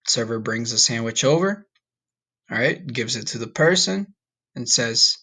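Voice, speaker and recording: A man's voice: mid-range voice, expressive, sharp tone, breathy edge. Casual man teaching a recorded lesson. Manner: casual, frequent "okay?" and "all right?" check-ins; slow, drawn-out modeling of Spanish words. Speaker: Spanish teacher.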